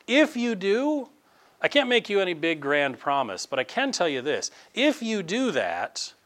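A middle-aged male pastor preaching a fervent sermon, his pitch leaping up and down with emphasis. He drops to quiet, confiding asides, then surges back into loud, emphatic declarations. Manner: closes in prayer.

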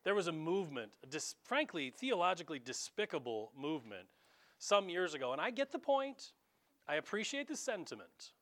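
A man preaching in a loose, conversational way, his voice sitting a little high. He swings between quiet asides and sudden loud, emphatic bursts. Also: sing-song, brisk. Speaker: pastor. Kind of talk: sermon.

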